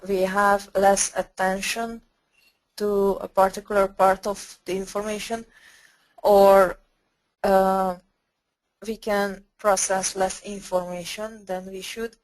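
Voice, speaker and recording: A woman with a flu-hoarse voice giving a webinar presentation, clearing her throat often and pausing to restart phrases. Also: mid-range voice, poor audio. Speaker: guest speaker.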